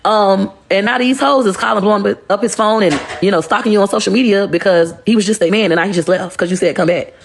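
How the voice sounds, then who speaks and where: Blunt, profane woman with a gravelly voice. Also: medium pitch, fast, few pauses, slight background noise. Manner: blunt, profane, animated storytelling. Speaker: livestreamer. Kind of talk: casual livestream monologue.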